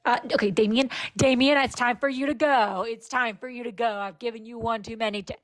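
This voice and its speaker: A woman's voice: on the high side, steady tone, brisk. Woman running a theatrical tavern role-play. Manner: theatrical, mock-archaic tavern-keeper talk. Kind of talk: improvised tavern role-play on a live stream. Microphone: phone.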